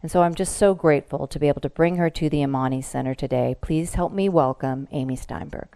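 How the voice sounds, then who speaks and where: A woman's voice: low voice, quick pace, vocal fry, dark tone, clean tone. A woman hosting an online service, graciously introducing the guest speaker. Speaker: host of the service.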